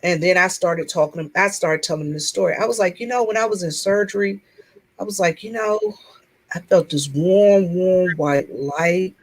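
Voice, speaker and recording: A woman in a casual group chat telling a personal story in an earnest, open way, pausing and restarting as she goes. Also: lowish voice, poor audio. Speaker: chat room participant.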